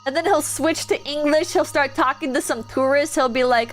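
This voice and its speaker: A woman's voice: high-pitched, fairly even intonation, brisk, hardly any pauses, faint music behind. A woman streamer chatting casually while gaming, telling a rambling story full of "like" and restarts.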